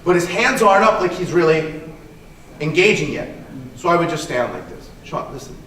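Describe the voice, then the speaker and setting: A man's voice: on the high side, lively intonation, normal speed, fairly bright tone. A man, a martial arts instructor, giving a conversational conference talk with a live demonstration, often checking in with "right?" and repeating himself. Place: conference hall. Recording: echoey hall, voice picked up from a distance.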